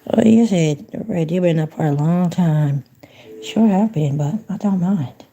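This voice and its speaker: A woman's voice: fairly low pitch, a little slow, mellow. A woman livestreaming from home in a folksy, chatty manner, talking to her viewers and to a phone voice assistant. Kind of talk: casual livestream chat.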